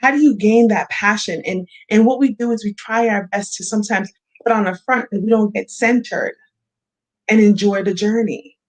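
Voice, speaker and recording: A woman's voice: mid-range voice, moderate pace, poor audio. A woman life coach being interviewed on a podcast, speaking in an earnest, encouraging way. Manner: earnest and encouraging, with short affirmations.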